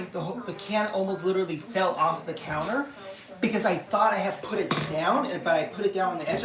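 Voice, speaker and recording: Speaking quickly in a lowish voice, a middle-aged woman chats on a home live stream, rambling through fillers and false starts. Crowd noise can be heard in the background. The recording has an echoey room sound, with her voice somewhat distant from the microphone.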